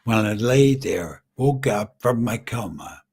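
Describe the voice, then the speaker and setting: A middle-aged man hosting a live podcast, halting and choked up as he tells his own story through tears. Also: medium pitch, darkish tone, slightly rough. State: tearful. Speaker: podcast host. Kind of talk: live-streamed personal story.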